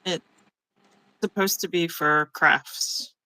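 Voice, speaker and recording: A woman hosting a casual live craft session over a video call, chatty and relaxed, laughing often. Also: low-pitched, takes it slowly, no room sound, rough recording. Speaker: craft channel host. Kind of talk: casual live-stream chat while journaling. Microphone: phone or tablet mic over a video call.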